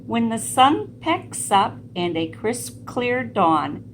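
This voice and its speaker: A woman reading a picture book aloud to children, pausing to ask gentle questions about the pictures. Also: a little high, big pitch swings, slight background noise. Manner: gentle, asks listeners questions. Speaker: storyteller.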